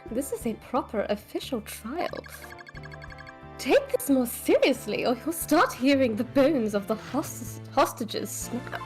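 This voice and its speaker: A woman's voice: high voice, big pitch swings, a little slow, darkish tone, faint music behind. A woman voicing a stern, threatening female prosecutor while reading a game script aloud with friends.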